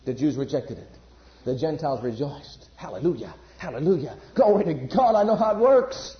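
A man preaching a sermon, emphatic, jumping between loud bursts and quiet asides. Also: a little high, very animated, moderate pace. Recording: echoey room, dull lo-fi sound.

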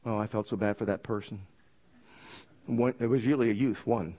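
A man preaching a sermon, telling his story with lively energy and asking the congregation for amens. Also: fairly low pitch, normal speed. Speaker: pastor.

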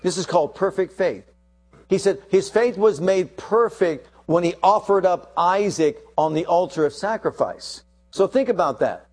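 A man preaching a sermon, acting out the quoted lines of the story. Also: moderate pace. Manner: animated, acts out quotes with shifting pitch.

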